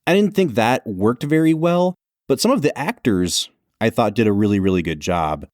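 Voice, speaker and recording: Low-voiced man, chatty podcast co-host. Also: expressive, moderate pace, darkish tone, dry recording, studio quality. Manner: chatty, laughs often, trails into asides. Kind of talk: casual chat.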